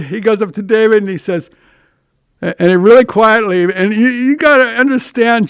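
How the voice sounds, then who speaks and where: An older man hosts his own podcast, spinning loose, rambling stories full of restarts and the odd curse. His voice sits high and comes across smooth and clear. The recording is dry and close, with no room sound. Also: a bit bright, no room sound. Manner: rambling anecdotes with restarts and profanity. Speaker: podcast host. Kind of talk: casual storytelling monologue.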